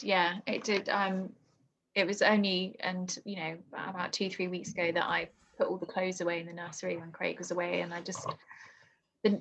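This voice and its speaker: A young woman telling a painful personal story in conversation, halting and emotional with many restarts. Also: fairly low pitch, fairly bright tone, a little hiss or hum. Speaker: guest. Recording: dull lo-fi podcast audio.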